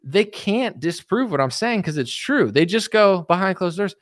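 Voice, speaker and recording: A man's voice: sits high, big pitch swings, moderate pace, hardly any pauses, dry recording, studio quality. A man hosting a livestream, ranting casually about politics in a boastful, combative, sarcastic way. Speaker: livestream host.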